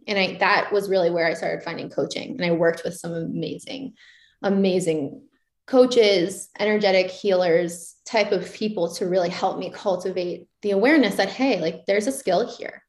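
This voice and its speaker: A young woman speaking as an interview guest, candid and animated as she acts out her own inner questions. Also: lowish voice, normal speed. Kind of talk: casual reflective interview talk. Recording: roomy echoey sound.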